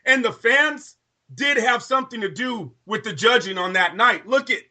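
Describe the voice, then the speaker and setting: A man's voice: very high-pitched, normal speed, bright, forceful tone. A man co-hosting a boxing podcast, ranting in a heated debate, profane and insistent.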